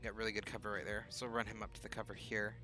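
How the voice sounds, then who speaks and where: A man's voice: on the low side, flat delivery, racing, sharp tone, soft background music. A man streaming a video game late at night, casually thinking aloud about his moves. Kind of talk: casual gameplay commentary.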